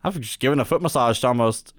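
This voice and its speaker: A man casually talking through a movie, animated and laughing as he recounts scenes. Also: mid-range voice, quick pace, dry recording, clean studio sound. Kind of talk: casual film discussion.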